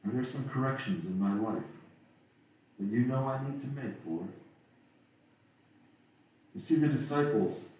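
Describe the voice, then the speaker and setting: A man's voice: mid-range voice, animated, unhurried, pauses often, darkish tone. A man preaching a sermon, reading scripture aloud and asking pleading rhetorical questions. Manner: reads King James scripture aloud, then asks pleading rhetorical questions. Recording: roomy echo from a distant mic.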